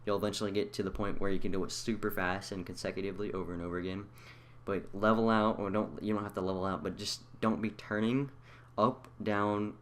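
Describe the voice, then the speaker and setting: A man's voice: lowish voice, slight background noise. A young man giving casual, rambling gameplay tips over his own footage, full of fillers and restarts. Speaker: gaming video creator. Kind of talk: casual gameplay tutorial commentary.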